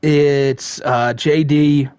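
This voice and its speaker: A man's voice: fairly high pitch, steady tone, drawn-out words, darkish tone, clean tone, dry recording, studio quality. A man hosting a live stream, chatting casually and answering chat, profane and rambling, laughing often.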